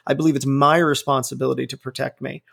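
Gravelly, blunt man in his forties. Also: medium pitch, level tone, quick pace, fairly bright tone. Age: 40s. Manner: blunt, profane, rambling with restarts. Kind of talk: casual opinion talk.

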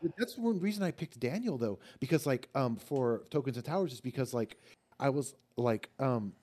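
A male author chatting casually on a podcast, his voice mellow and warm. He rambles in animated bursts, full of fillers and restarts. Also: mid-range voice, a little fast. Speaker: author guest.

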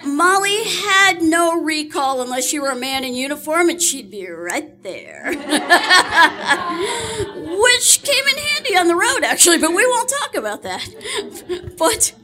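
A woman's voice: very high voice, very animated, unhurried, crowd noise. A woman hosting a casual storytelling session, chatty and laughing often. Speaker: host.

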